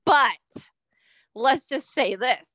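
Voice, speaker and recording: A woman's voice: high-pitched, animated, extremely slow, a bit bright, no echo, poor audio. A woman in her forties co-hosting a podcast, chatting casually with lots of swearing and giggles. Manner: profane, giggly. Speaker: podcast co-host. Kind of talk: casual chat.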